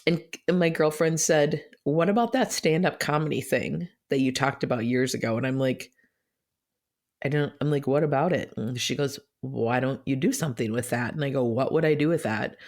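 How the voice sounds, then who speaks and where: A woman's voice: extremely low pitch, moderate pace, darkish tone. A middle-aged woman tells a personal story on her podcast, chatty and open, often laughing and getting choked up. She acts out her own remembered words as she goes. She is recorded in an office. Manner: chatty, emotional, laughs often, quotes herself. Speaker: podcast host.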